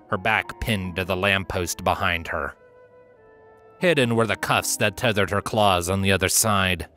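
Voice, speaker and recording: A man narrates a fanfiction audiobook in a deep voice. His tone is bright and cutting, and he tells the story at a steady, dramatic pace. Soft music runs faintly underneath. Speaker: narrator and reader.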